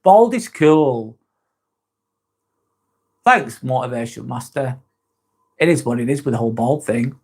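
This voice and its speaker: A man's voice: medium pitch, expressive, measured pace, pauses often, a little mellow, husky. A man hosting a casual live-stream chat, reading viewer comments aloud and answering them in a blunt, frank way with constant swearing.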